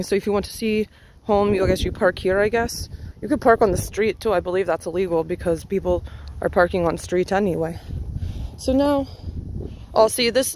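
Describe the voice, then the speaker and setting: A woman's voice: mid-range voice, a little mellow, a little hiss or hum, poor audio. A woman from the United States rambling and chatting to herself as she walks a residential street for a vlog, laughing often. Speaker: vlogger. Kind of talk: casual walking vlog. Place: outdoors on a residential street, walking.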